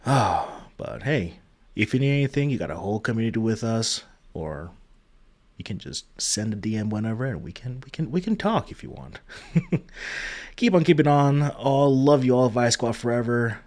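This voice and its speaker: A man hosting a casual memorial livestream, greeting viewers in chat one by one, with frequent ums and uhs and a soft, heartfelt manner. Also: medium pitch, sing-song, normal speed. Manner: trails off with many ums and uhs. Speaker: livestream host.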